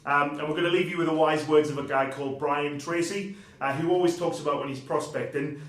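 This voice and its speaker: A man with a fairly high voice hosts a relaxed chat in a roomy, echoey space. He is chatty and quick to laugh, tripping over his words and restarting as he goes. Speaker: podcast host. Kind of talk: casual chat. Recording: echoey room.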